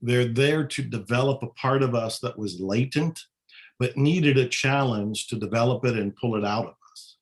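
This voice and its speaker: Calm, earnest male podcast guest. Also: medium pitch, normal speed. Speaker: podcast guest, spiritual author. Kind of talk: casual conversation.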